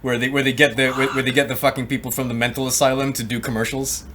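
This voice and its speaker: A man's voice: mid-range voice, flat delivery, fast talker, pushed and bright, a little hiss or hum. A man co-hosting a podcast in a casual chat, rambling and swearing as he acts out quotes. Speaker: podcast co-host.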